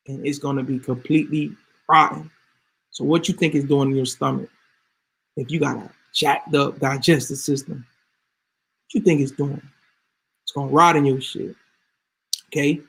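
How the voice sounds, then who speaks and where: Emphatic fast-ranting man. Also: on the high side, gravelly, husky. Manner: emphatic, swears freely, rising to yelling. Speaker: vlogger. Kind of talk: casual rant to camera.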